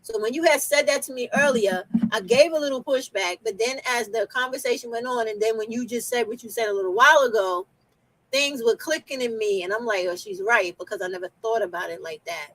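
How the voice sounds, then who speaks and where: A woman's voice: on the high side, fairly quick, a bit bright, rough recording. A woman with a New York accent hosting a casual chat, blunt and outspoken, swearing freely. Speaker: host.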